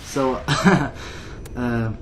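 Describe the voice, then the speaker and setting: A man's voice: medium pitch, very slow, a little hiss or hum. A man commentating a game while telling a long, rambling story full of "like" fillers, sometimes laughing at his own tale. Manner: rambling, filler-heavy with constant "like". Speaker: gameplay commentator. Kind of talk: casual storytelling over gameplay.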